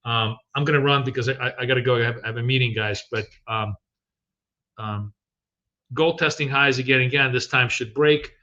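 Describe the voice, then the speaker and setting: A man's voice: medium pitch, a little fast, bright, forceful tone, highs cut off. A middle-aged man hosting a live trading stream, chatting casually and rambling with many ums and restarts.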